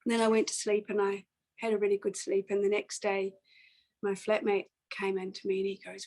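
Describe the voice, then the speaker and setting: Woman guest, storyteller, even level delivery, earnest and reflective with pauses. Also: mid-range voice, low-quality recording. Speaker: singer-songwriter guest. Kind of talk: personal storytelling in a conversation.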